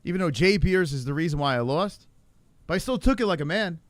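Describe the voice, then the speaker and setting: A man's voice: fairly high pitch, lively intonation, a little fast, no room sound. A man hosting a casual livestream, ranting and joking with chat, often profane and mocking. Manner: ranting, mocking a chatter in a put-on voice; profane and jokey. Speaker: livestream host.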